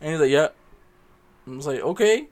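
A young man in a casual chat, retelling events in an animated, profane way with high exasperated outbursts. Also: a little fast, a little hiss or hum. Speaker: podcast co-host.

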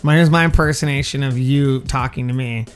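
A man's voice: mid-range voice, steady tone, a little fast, soft background music. A man co-hosting a comedy podcast in casual, jokey banter. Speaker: podcast co-host.

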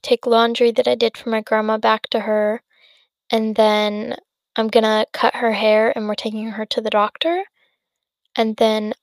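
This is a solo podcast host, a woman of eighteen, speaking in a fairly high voice over a clip with no echo. Tired and yawning, she rambles through casual chat, full of fillers and self-interruptions.

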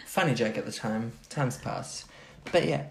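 A man's voice: medium pitch, measured pace, gravelly, crowd noise. A young man co-hosting a podcast in casual chat, joking and swearing freely. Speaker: podcast co-host. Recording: roomy echo.

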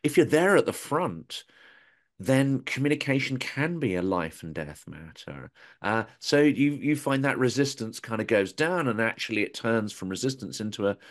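A man hosting an interview, speaking thoughtfully with fillers and repeated words. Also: on the low side. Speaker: interview host, YouTuber. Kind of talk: conversational interview.

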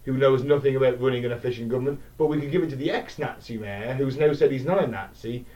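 Male podcast co-host, mid-pitched, rambling and self-interrupting, recorded far off the mic with a dull lo-fi sound. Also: quick pace, warm tone. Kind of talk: casual podcast banter.

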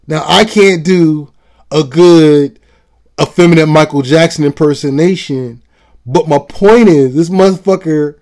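A man's voice: fairly high pitch, unhurried, darkish tone. A man hosting a show, delivering a blunt, profane commentary monologue with heavy emphasis. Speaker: show host.

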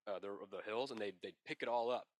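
A man co-hosts a loose, comedic podcast chat in a lowish voice. He rambles and invents ridiculous tall tales while keeping a straight face. His voice sounds dry and close, with no room echo. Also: quick pace. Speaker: podcast co-host.

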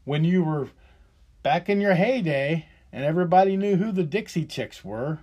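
A man's voice: fairly high pitch, lively intonation, normal speed, darkish tone. A man in his fifties delivering a profane, heated and sarcastic solo rant as a podcast host. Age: 50s.

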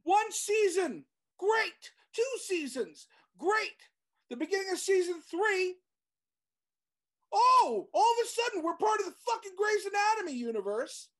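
A woman co-hosting a casual podcast chat, ranting in an animated, profane way. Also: extremely high pitch, unhurried.

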